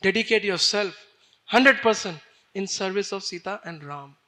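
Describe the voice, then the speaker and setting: A man voicing a devoted royal mother who speaks slowly and earnestly. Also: sits high, bright, forceful tone. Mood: tender.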